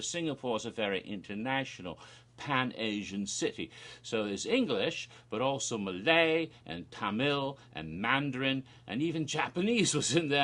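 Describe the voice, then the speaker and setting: A man casually retelling a spooky promo video for his vlog in an animated, rambling way, with fillers and restarts. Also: medium pitch. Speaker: theme park vlogger.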